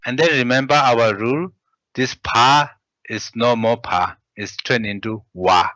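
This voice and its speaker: A man teaching pronunciation, reading syllables aloud and pausing often with hesitant fillers. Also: fairly low pitch, pushed and bright, no echo. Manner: hesitant, many pauses and fillers. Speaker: language teacher. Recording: dull, dry lo-fi recording.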